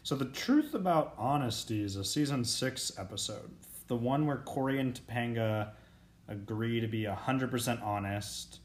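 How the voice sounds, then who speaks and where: Guy podcast cohost doing the recap, wry and blunt, swears a lot, mid pitched. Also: moderate pace. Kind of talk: casual chat.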